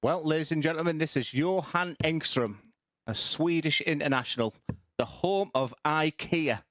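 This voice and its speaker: A man's voice: a little high, moderate pace, fairly bright tone, no echo, clean studio sound. A man commentating on a darts match with playful, teasing banter. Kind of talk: jokey sports commentary.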